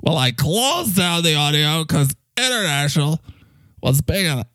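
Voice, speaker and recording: Animated, gravelly podcast host man. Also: fairly high pitch, a little slow, dry recording. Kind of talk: comedic podcast banter.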